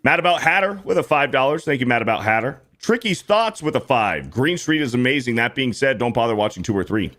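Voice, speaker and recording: A man's voice: medium pitch, lively intonation, brisk, few pauses, fairly bright tone. Laid-back man hosting a podcast. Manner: laid-back, reads out donor messages. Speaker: podcast host. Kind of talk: casual podcast chat, reading donation messages.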